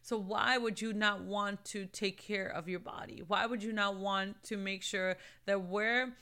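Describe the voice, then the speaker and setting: A woman's voice: medium pitch, fairly even intonation, a little slow, bright, forceful tone, clean tone. A woman giving casual, earnest faith and self-care encouragement to viewers, calling them "sis" and "babe" and mixing in Spanish phrases. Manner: earnest, encouraging, laughs between points. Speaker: Christian lifestyle vlogger. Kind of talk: casual motivational talk to camera.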